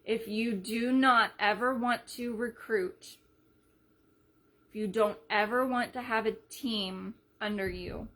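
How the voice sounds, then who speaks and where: A woman leading a sales team in a casual live video, chatty and energetic, retelling conversations as she goes. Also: fairly high pitch, slow. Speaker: team leader.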